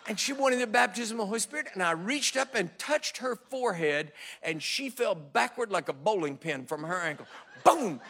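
A middle-aged male preacher telling stories in a sermon, with dramatic swings from hushed to loud and quotes acted out in voices. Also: sits high. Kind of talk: sermon with storytelling.

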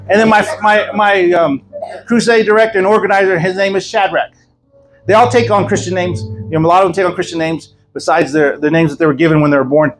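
A man preaching a sermon as an evangelist at a church service, telling stories in a lively, joking way. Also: high voice, fast talker, soft background music, rough recording. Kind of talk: sermon with storytelling.

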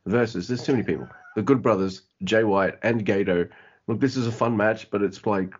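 Deep husky man, lo-fi audio. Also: fairly quick. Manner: laughs easily, runs through match cards. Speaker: podcast co-host. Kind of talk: casual wrestling chat. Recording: dull lo-fi audio.

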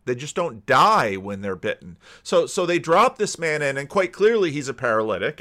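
A middle-aged pastor gives a conversational sermon, frequently repeating words as he thinks aloud. He has a mid-range, fairly bright voice.

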